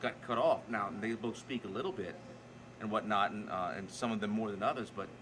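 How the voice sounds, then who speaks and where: A man's voice: fairly low pitch, brisk, noisy background. A man with a Cajun Louisiana accent, talking as a podcast guest in a folksy, joking way, often repeating words as he starts sentences. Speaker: chef and guest. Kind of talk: casual podcast chat.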